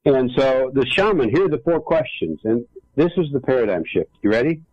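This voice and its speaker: A man's voice: medium pitch, expressive, a little fast, no room sound. A man who is a guest author and speaker, telling a story in an emphatic way during a casual interview. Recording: tinny phone line.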